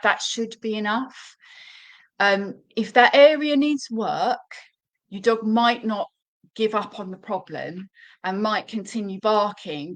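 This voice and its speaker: A woman's voice: lowish voice, a bit bright, low-quality recording. A woman dog trainer hosting a live question-and-answer stream, giving casual advice with many fillers and restarts.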